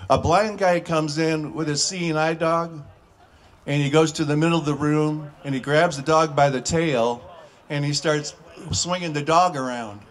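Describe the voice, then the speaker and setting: A man telling short stand-up jokes in a folksy way, with filler pauses and restarts. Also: a little high, fairly even intonation. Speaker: comedian.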